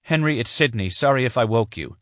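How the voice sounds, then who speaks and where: A man voicing a young widowed mother who is grieving but composed, speaking softly and with restraint. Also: medium pitch, animated, fairly quick, no room sound, clean studio sound, voice pushed up, close to an everyday voice. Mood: tired.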